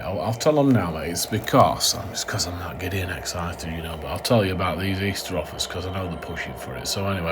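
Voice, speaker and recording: Male vlogger, very low voice, rambling and jokey, noisy recording. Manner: rambling, jokey, lots of fillers. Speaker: model railway vlogger. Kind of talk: casual voice-over narration. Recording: noisy background ambience.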